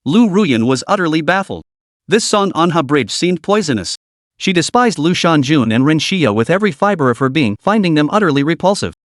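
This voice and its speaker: A man reads a web novel aloud in scripted narration. His voice sits somewhat high for a man and is recorded dry and close. The reading stays even and steady. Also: fairly quick, dry recording.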